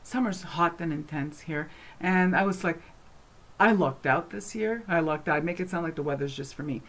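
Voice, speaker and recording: A woman vlogging at home, answering questions in a casual, rambling chat full of fillers, animated and passionate as she talks. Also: deep voice, normal speed. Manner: animated and passionate when speaking.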